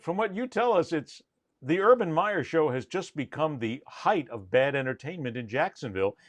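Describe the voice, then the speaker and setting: A man's voice: a little high, dry recording. A man hosting a sports talk show, teasing his panelists and joking around. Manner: teasing, jokey. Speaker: show host.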